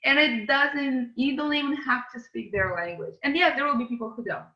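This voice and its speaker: A woman with a non-native English accent, a podcast guest speaking earnestly and reflectively, often pausing with hesitant fillers and restarts. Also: high-pitched, lo-fi sound. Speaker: podcast guest, company CEO. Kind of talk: casual interview conversation. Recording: roomy echoey sound.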